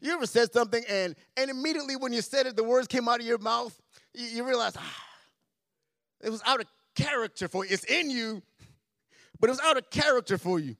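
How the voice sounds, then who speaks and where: A man with a fairly high voice preaches to his congregation, repeating phrases and swinging from hushed to loud. The sound is dry and close. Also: fast talker, vocal fry, no echo. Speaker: pastor. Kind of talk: sermon. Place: church sanctuary.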